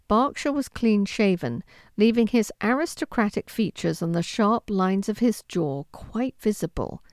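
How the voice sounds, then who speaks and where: Expressive woman narrating an audiobook. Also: mid-range voice, no echo, studio quality. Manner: expressive, with lively intonation. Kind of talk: scripted narration of a historical romance.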